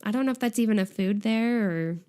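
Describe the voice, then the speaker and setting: Speaking fairly quickly, a young woman with a slightly high, dark, clear and resonant voice co-hosts a podcast. The relaxed conversation recaps a variety show, and she narrates it chattily, punctuated by giggles and constant "like" fillers.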